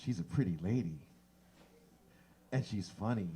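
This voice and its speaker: A man hosting a stand-up comedy show in a bar, animated and acting out bits. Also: fairly low pitch, a little slow, husky. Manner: animated, shifts into exaggerated voices for bits.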